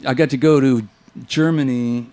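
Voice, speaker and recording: A man chatting casually as a guest, telling lively anecdotes, acting out what others said and swearing freely. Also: medium pitch, moderate pace. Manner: animated anecdotes, acts out quoted voices, swears. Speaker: guest guitarist. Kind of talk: casual storytelling chat.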